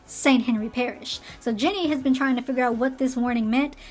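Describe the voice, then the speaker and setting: A slightly hoarse woman chatting animatedly through a casual rant recapping a TV show, acting out the characters' lines as she goes. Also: high-pitched, fairly quick, faint music behind. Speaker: show commentator.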